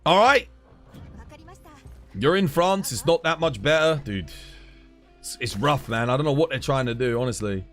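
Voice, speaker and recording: British male streamer, heated sweary rant, animated delivery, soft music behind. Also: medium pitch, moderate pace, pauses often. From United Kingdom. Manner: heated, swears a lot, keeps saying "dude". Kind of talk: casual live-stream rant.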